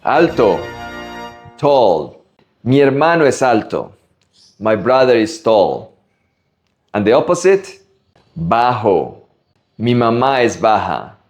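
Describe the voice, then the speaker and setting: A man from Latin America teaching Spanish vocabulary, slowly drilling pronunciation word by word. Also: medium pitch, big pitch swings, darkish tone, faint music behind. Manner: slow, careful pronunciation drills. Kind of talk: vocabulary lesson.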